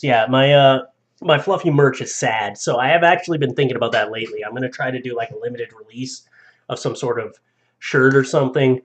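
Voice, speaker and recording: A man's voice: medium pitch, brisk. A young man live streaming, who chats casually, reads viewer stories aloud, laughs often, and stumbles over names.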